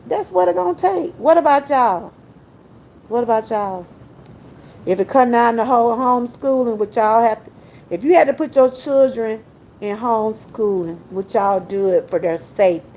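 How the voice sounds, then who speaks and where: Slight background noise accompanies this older livestream host from Georgia, US, whose voice is high-ish and a little mellow. She chats casually with her viewers, laughing a lot as she addresses them directly.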